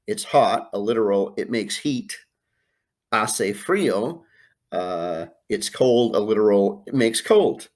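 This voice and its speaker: An American man, a Spanish teacher, talking students through a worksheet in a screencast lesson, with lots of uh fillers and Spanish phrases read aloud. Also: fairly low pitch. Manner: plain explaining pace with frequent uh fillers, drops into Spanish phrases. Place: home or classroom with art prints behind him.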